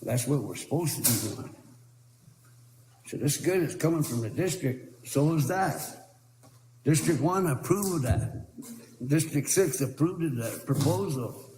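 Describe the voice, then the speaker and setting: A man's voice: fairly high pitch, expressive, unhurried, long pauses, dark tone. A man speaking as a tribal council representative in a meeting debate, earnest and pleading, repeating himself. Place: council chamber. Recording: echoey council chamber with faint noise.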